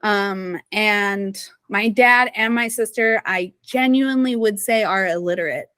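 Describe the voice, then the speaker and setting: A woman's voice: medium pitch, measured pace, a bit bright, clean tone, no room sound. A woman from Missouri, a podcast guest, talking casually and chattily with lots of "like" and "you know" fillers. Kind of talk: casual conversational interview.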